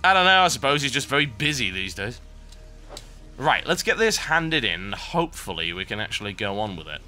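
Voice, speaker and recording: Sarcastic male gameplay commentator, rambling, very bright tone. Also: medium pitch, very animated, a little fast. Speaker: game commentator. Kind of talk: let's play commentary. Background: game music.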